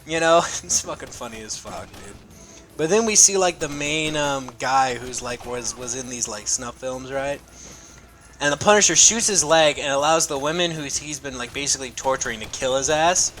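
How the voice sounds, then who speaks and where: A man's voice: mid-range voice, moderate pace, fairly bright tone, faint music behind. A young man casually reviewing a comic, rambling and swearing with enthusiasm.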